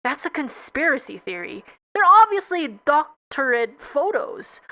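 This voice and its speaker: A woman's voice: sits high, sing-song, unhurried, bright, forceful tone, full character voice. A woman voicing a fussy mother bee who dismisses her son's worries. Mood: dismissive. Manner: dismissive, fussing.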